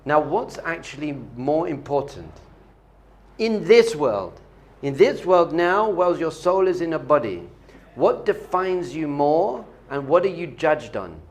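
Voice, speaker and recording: A man's voice: on the high side, big pitch swings, measured pace. A man, a rabbi, giving a spiritual lesson with a story, talking animatedly and repeating key points for emphasis.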